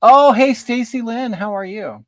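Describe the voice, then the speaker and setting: A man's voice: extremely high pitch, measured pace, fairly bright tone, no echo. A man hosting a casual livestream from home while doing his makeup, chatting and greeting viewers by name. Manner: chatty, reads viewer comments aloud and greets them. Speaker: livestream host.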